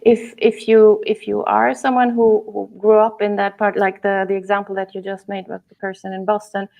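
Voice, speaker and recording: A woman's voice: medium pitch, level tone, normal speed, gravelly, a little mellow. A woman hosting an interview over a video call, asking hesitant questions and often murmuring agreement. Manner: attentive, frequent backchannel, hesitant questions. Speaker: interview host. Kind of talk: conversational interview.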